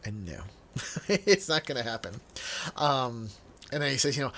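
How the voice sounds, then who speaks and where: A man's voice: medium pitch, sing-song. A man leading a casual Bible study, reading scripture aloud and then explaining it in a chatty way, laughing often and repeating words as he thinks. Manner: reads scripture aloud in a measured, quieter tone.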